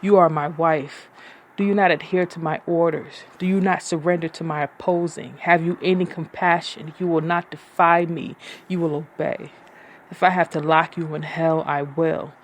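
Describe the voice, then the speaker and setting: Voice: mid-range voice, steady tone, normal speed, a little hiss or hum, lightly acted. A poetry reader voicing a possessive husband giving stern orders to his wife in a poetry reading.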